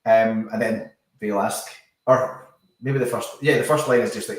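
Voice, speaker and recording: A man's voice: on the low side, fairly even intonation, moderate pace. Chatty man in an echoey room. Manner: chatty, laughs easily, trips over words. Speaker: podcast guest, business founder. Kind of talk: casual podcast chat. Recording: echoey room, far from the mic.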